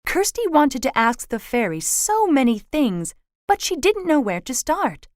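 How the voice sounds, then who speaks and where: A woman reading a children's storybook aloud, slow and expressive. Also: sits high, dry recording, clean studio sound.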